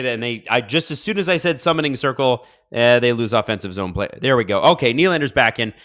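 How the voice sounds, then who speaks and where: Male streamer host, bright edgy tone, excitable play-by-play reactions between quiet mutters. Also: a little high. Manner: excitable, swings from mumbled asides to loud outbursts. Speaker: live-stream watch-along host. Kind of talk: live game reaction and chat reading.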